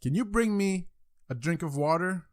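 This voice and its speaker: A man's voice: high voice, expressive, normal speed, pitched above the performer's own voice. A man with a French accent voicing a small boy who keeps pestering his father for water in a told joke. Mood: pleading.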